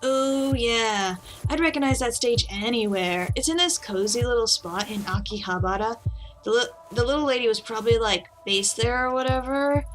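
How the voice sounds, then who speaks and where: A woman voicing a smug, laid-back young male surfer type with a slow drawling twang. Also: on the high side, faint music behind, natural voice.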